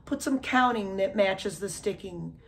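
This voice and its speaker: A woman's voice: mid-range voice, measured pace, vocal fry, a little hiss or hum. A woman teaching drums in a casual way, often checking in with "okay?" and counting beats aloud. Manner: counts aloud loudly over drumming, says "okay?" often. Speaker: drum teacher. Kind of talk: casual instructional talk. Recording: drums playing under the voice.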